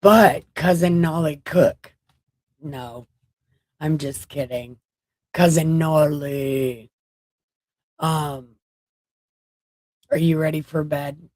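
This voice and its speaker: Slow, rambling tired woman on a livestream. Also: low voice, fairly even intonation, a little mellow, no echo. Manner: rambling, joking, chatting to viewers. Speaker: livestream host. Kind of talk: late-night livestream chat.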